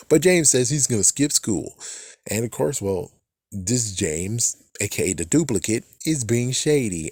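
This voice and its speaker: A man with a fairly low voice recaps a TV episode in a loose, rambling way. He curses freely and chuckles at his own jokes. The recording is dry and close, with no room sound. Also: darkish tone, no room sound. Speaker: TV episode reviewer. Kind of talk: casual recap review.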